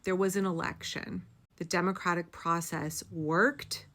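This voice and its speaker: A woman's voice: on the low side, steady tone, unhurried, a bit bright. A woman giving impassioned, blunt political commentary straight to her audience, swearing for emphasis. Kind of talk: direct-to-camera political commentary.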